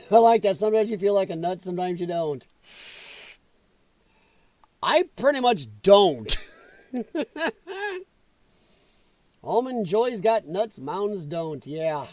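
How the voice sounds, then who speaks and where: A man's voice: sits high, no room sound. A man hosting a casual livestream, reacting to viewer comments, swearing freely and laughing often. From US Midwest. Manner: loud, profane, laughing often. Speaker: livestream host. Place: home, dog nearby.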